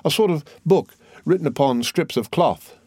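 A man voicing a humble, deferential guide in a raised pitch. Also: lively intonation, normal speed, darkish tone, husky, dry recording. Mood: eager.

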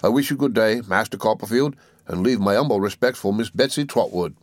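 A man's voice: on the low side, a little fast, no room sound, clean studio sound, close to an everyday voice. Male narrator as an ingratiating clerk; meek and oily, humble to the point of creeping. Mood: fawning. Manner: humble, ingratiating, sickly polite.

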